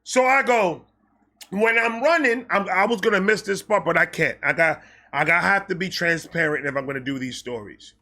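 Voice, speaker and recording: Ny guy telling a storytime, high bright voice, loud and animated, swears a lot, keeps dropping to mumbly asides. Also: moderate pace. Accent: New York. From New York. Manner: animated, profane, acts out voices, shifts to low mutters. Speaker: storyteller host.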